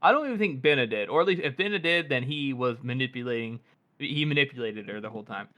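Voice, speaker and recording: A man's voice: mid-range voice, expressive, fast, sharp tone. A man co-hosting a book podcast, eagerly analyzing a character in casual chat. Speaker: podcast co-host.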